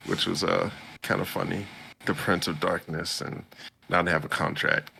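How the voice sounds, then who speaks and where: A man's voice: low voice, fairly even intonation, moderate pace, vocal fry, pushed and bright, slightly rough. A man co-hosting a podcast, recapping an anime episode in a loose, slangy way and acting out characters' lines. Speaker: podcast co-host.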